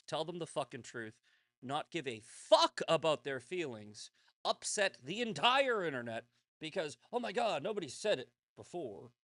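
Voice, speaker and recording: A man's voice: a little high, a bit bright, dry recording. A man hosting his own show, talking in a blunt, rambling, profane monologue full of restarts. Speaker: show host. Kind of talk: casual monologue.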